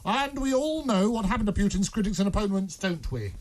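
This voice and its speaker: A man reading as a hushed secret informant. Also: high voice, expressive, brisk. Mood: conspiratorial. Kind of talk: reading a script aloud.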